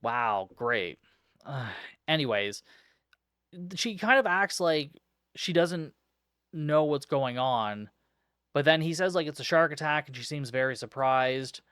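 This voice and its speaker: A young man hosts a podcast in a casual review chat, sounding sarcastic and fed up. His voice sits at a middling pitch. The recording is dry and close, with little room sound. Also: lively intonation, slow pace, pauses often, a bit bright, clear, resonant tone, no echo. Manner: sarcastic, exasperated, swears freely. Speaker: podcast host. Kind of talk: casual movie review recap.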